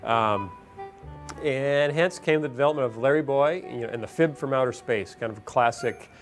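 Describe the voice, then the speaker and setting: A man interviewed about making a show, telling stories in a relaxed way with many "you know" fillers. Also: medium pitch, normal speed. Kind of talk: behind-the-scenes interview. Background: music.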